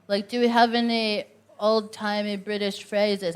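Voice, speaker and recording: A woman hosting a stand-up show, doing animated crowd work with plenty of laughter. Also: mid-range voice, a little slow, clean tone. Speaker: comedy host. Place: comedy club stage.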